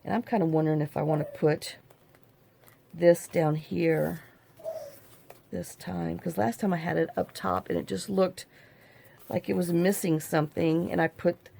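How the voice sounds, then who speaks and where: This middle-aged woman runs a crafting channel and rambles to herself as she works through a casual tutorial. Her voice is lowish, gravelly and a little mellow, with fairly even intonation at a normal speed.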